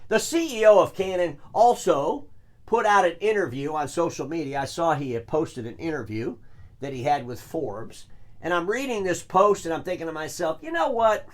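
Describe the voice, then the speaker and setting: Man, middle-aged, show host, opinionated solo commentary, lively intonation, slightly high voice. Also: moderate pace. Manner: animated, opinionated, rhetorical questions. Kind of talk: solo commentary on industry business.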